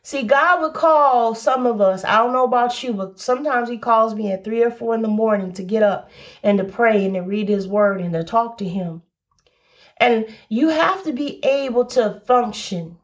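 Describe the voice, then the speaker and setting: A woman's voice: on the high side, moderate pace, lo-fi sound. A woman preaching a devotional message, exhorting listeners and repeating calls of encouragement, a little tearful. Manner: exhorting, repeats "come on now".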